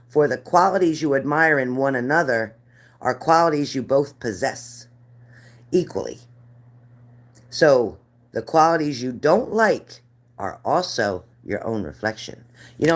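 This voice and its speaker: A middle-aged woman reading spirit cards live for viewers, chatty and earnest, repeating their names. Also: rumbling low. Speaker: card reader.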